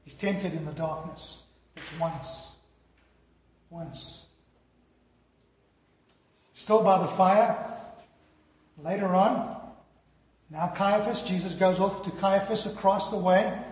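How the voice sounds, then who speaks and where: A man's voice: high voice, slow pace, long pauses, a little mellow. A man preaching a sermon in a storytelling way, with dramatic drops in volume. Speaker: pastor. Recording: echoey hall reverb.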